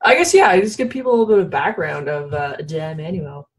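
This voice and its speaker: A woman's voice: low-pitched, brisk, breathy edge. A woman from Canada hosting a casual podcast interview, chatty and laughing often, with a sleepy early-morning voice. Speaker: podcast host. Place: home studio in Ottawa.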